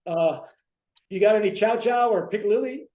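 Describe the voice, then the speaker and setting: An easygoing, offhand buddy, a bit higher than the teller's own voice, as a man puts him on. The room gives it a roomy echo. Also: moderate pace, darkish tone, lightly acted. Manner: casual, offhand, always asking for food.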